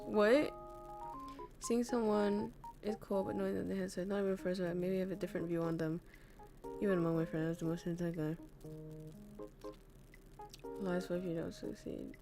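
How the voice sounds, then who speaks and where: A young woman from northern Vietnam, candidly chatting with viewers as a streamer, swearing freely and laughing often. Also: lowish voice. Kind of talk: casual chat reading viewer messages.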